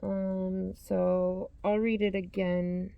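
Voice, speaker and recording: A woman's voice: medium pitch, level tone, drawn-out words, gravelly, clear, resonant tone, no room sound, dull audio. A woman hosting a yarn vlog, chatting casually as she reads out yarn labels and corrects herself as she goes. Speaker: yarn channel host. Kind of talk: casual show-and-tell vlog.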